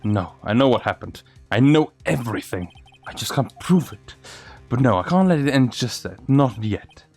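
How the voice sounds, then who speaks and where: An earnest young defense lawyer, as a man voices him, talking through his doubts in a lively, rising and falling voice. Soft game music runs behind him. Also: mid-range voice, moderate pace. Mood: determined. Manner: earnest, thinking aloud. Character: determined young male defense lawyer, nervous.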